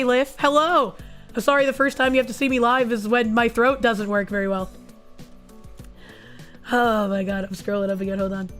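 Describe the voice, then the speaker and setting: A woman streamer with a hoarse, raspy voice from recent illness, chatting casually and crudely while reading viewer messages. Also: on the high side, a bit bright. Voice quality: raspy, husky. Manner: casual and crude, swears often. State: hoarse, losing her voice after illness. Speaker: VTuber streamer. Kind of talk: casual livestream chat reading super chats.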